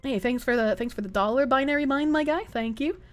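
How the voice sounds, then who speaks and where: A woman's voice: high-pitched, brisk, faint music behind. A woman livestreamer chatting casually, reading chat, giggling often and swearing freely.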